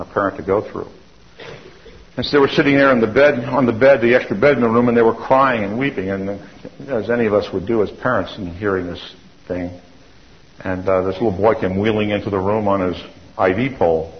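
On a dull lo-fi recording, a middle-aged man shares his testimony from the pulpit with a lowish voice and a brisk pace. Earnest in his storytelling, he frequently restarts and repeats himself.

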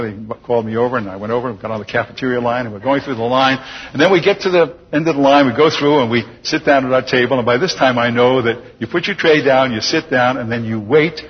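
An older man telling his personal testimony to an audience as a chuckling, lively storyteller. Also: mid-range voice, breathy edge. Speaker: speaker giving a personal testimony. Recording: dull lo-fi recording with long hall reverb.

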